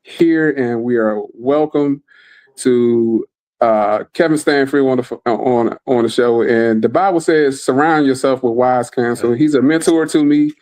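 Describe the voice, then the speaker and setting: A man's voice: medium pitch, a little slow, darkish tone. A man hosting a casual podcast chat over a remote call, enthusiastic and repeating his words. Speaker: podcast host.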